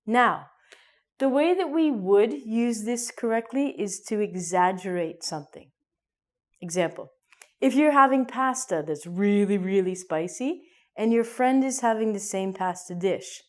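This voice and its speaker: A woman's voice: fairly high pitch, expressive, a little slow. A woman from Canada with a Canadian accent, teaching English in a playful, jokey way and acting out small scenes. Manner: playful, jokey, acts out mini scenes with sudden loud and hushed bits. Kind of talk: casual online English lesson.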